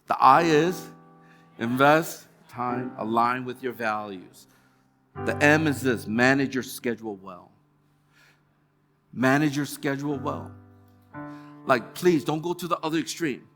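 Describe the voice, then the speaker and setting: A male pastor preaching a sermon in a church, telling stories in a relaxed, conversational way and acting out quoted remarks. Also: medium pitch. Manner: conversational storytelling with quoted asides. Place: church hall.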